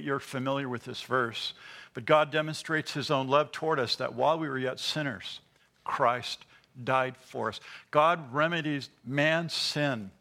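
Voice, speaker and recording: A man's voice: a little high, vocal fry, sharp tone. A man preaching a sermon, teaching earnestly and asking his listeners rhetorical questions.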